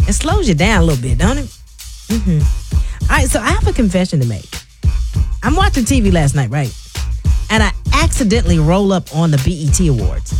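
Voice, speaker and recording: A woman in her fifties hosting a radio show, chatting casually and laughing as she talks. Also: medium pitch. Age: 50s. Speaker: radio host. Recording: radio broadcast with music underneath.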